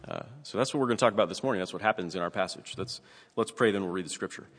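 A man preaching a sermon and reading scripture aloud, earnest and measured, with emphatic rises. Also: deep voice, animated, a bit bright, husky, long reverb tail. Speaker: pastor.

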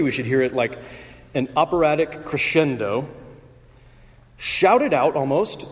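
Man preaching in a reverberant church. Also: mid-range voice. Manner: measured, conversational preaching with filler pauses and throat clearing. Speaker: pastor. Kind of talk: sermon. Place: church sanctuary. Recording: long reverb of a church hall.

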